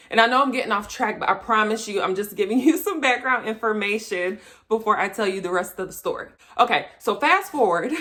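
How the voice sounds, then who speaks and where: A young adult woman vlogger telling a personal story in a chatty way, laughing often and getting animated when she quotes people. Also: mid-range voice. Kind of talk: casual storytelling to camera.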